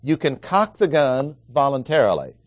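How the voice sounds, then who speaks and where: A man preaching a verse-by-verse sermon in a medium-pitched voice. He speaks deliberately, leaning on key words and repeating points for emphasis. The sound is dry and close, with no room echo. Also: big pitch swings. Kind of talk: expository sermon.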